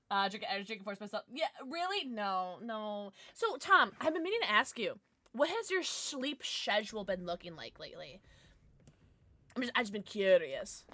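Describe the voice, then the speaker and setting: This is a casual livestream in which a young woman plays a game at home and talks with viewers. She comes across as playful, slightly tipsy, bubbly, and animated, letting out little gasps and squeals to greet new followers. Her voice is mid-range, with no echo.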